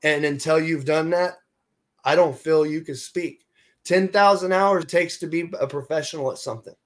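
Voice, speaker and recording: A man with a fairly high voice speaks on an online panel about lived experience. He sounds earnest and a little apologetic. He is heard over a video call. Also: moderate pace. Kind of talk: virtual panel testimony.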